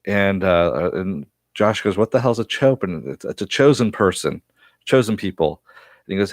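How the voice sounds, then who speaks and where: Male reviewer, lowish voice, dry close mic, casual chatty recap with frequent chuckles. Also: lively intonation, normal speed, dry recording. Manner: chatty, laughs often, many fillers. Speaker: TV episode reviewer.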